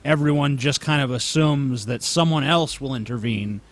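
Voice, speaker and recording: Laid-back, wry podcast co-host. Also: male voice, mid-range voice, moderate pace. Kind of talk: casual podcast chat.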